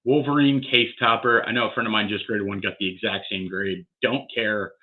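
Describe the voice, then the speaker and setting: A man's voice: lowish voice, steady tone, brisk. A man vlogging as he opens graded trading cards, worked up and swearing as he talks to himself. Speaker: card collector vlogger. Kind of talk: excited unboxing vlog. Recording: tinny phone-like sound.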